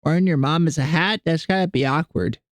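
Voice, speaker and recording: A man's voice: fairly high pitch, a little fast, no echo. Chatty self-deprecating male streamer. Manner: rambling, self-deprecating, animated reading of chat. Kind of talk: casual chat with viewers.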